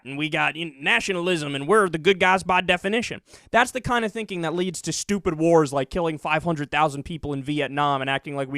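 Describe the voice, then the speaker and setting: A man giving heated, sarcastic political commentary, mocking his opponents and sometimes rising to an angry near-shout. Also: high voice, no room sound, studio quality. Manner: sarcastic, mocking, mimics opponents in put-on voices.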